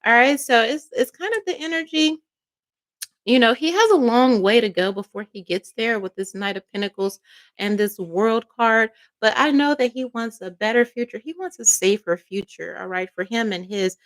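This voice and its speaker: A woman's voice: on the high side, moderate pace, a bit bright. A woman doing a tarot card reading as a psychic, emotional and emphatic, checking in with "all right?" and "okay?" again and again. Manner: emotional, fervent.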